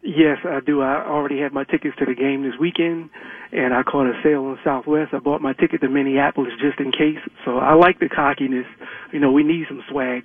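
A man calling a sports radio show from work, keeping his voice low. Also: fairly even intonation, fairly quick, husky, no echo. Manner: hushed, talking quietly at work. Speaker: caller. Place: workplace. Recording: phone line.

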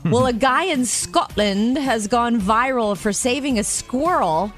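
A woman co-hosts a radio show, chatting casually and reading light news features in a bubbly way, laughing often and telling stories with animation. Her voice is fairly high and a little slow, with faint music behind it.

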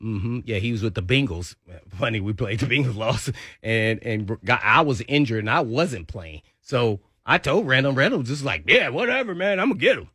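Lively former-player radio co-host. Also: male voice, mid-range voice, moderate pace, hardly any pauses, breathy edge, dry recording, clean studio sound. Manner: animated storyteller who acts out others' voices. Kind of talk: sports talk radio storytelling.

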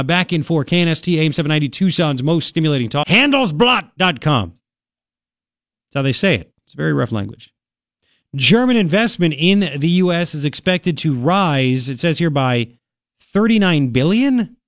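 In a slightly high voice, a man hosts a talk radio show, delivering casual commentary into a studio microphone. He rambles and offers opinions with a sarcastic edge, and the sound has no echo.

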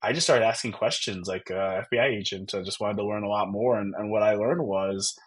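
This podcast guest, a tech founder in his thirties, has a fairly low voice with a breathy edge and talks briskly. His personal story comes out earnest and reflective, full of fillers and restarts.

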